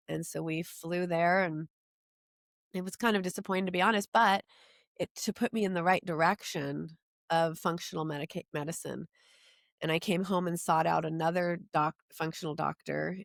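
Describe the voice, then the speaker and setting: A woman's voice: on the low side, fairly bright tone, no room sound, studio quality. Earnest woman telling a personal story. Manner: earnest, emotional, halting with restarts. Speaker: guest.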